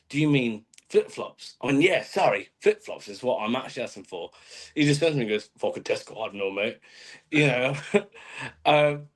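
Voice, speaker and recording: A man from Australia who lives in England, a podcast guest telling stories in a dry, self-mocking way with lots of fillers. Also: medium pitch. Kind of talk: casual chat. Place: living in England.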